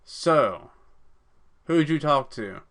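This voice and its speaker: A man's voice: a little high, animated, very slow, fairly bright tone. A man playing a text game, reading it aloud casually, swearing and stumbling over words. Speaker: let's play gamer.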